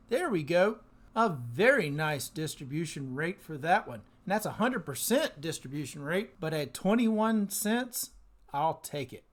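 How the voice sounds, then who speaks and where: A man hosting an investing channel, running through payout figures in casual commentary and breaking into excited exclamations and laughter. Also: high-pitched.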